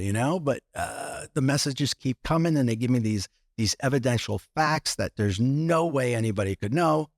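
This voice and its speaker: A man's voice: medium pitch, expressive, normal speed, few pauses, no room sound, clean studio sound. A man guest on a podcast, telling a personal story with many restarts and acting out what others said.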